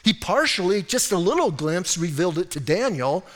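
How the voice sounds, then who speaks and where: A male pastor with a fairly high voice preaches in a casual, emphatic manner, often urging his listeners to listen. His sermon rings out with a long reverb in a church sanctuary. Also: big pitch swings, normal speed. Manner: emphatic and conversational, repeats "listen", acts out little scenes.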